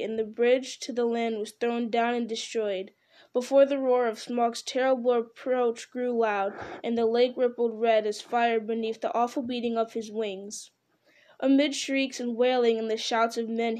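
A woman narrating an audiobook in a measured, dramatic storytelling manner. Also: on the high side, darkish tone. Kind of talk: audiobook reading.

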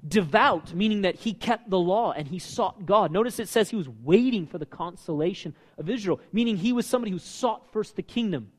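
Pastor guy preaching, lively and questioning the crowd, high voice, echoey big room. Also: brisk, hardly any pauses. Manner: animated, asks the congregation questions. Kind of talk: sermon. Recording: long reverb of a hall.

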